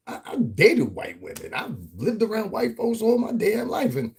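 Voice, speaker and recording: Brief: husky male vlogger from the US Northeast, profane, animated, ranting commentary. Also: high voice, moderate pace, hardly any pauses. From Northeastern United States. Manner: profane, animated, laughs often, acts out quotes. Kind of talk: casual commentary rant.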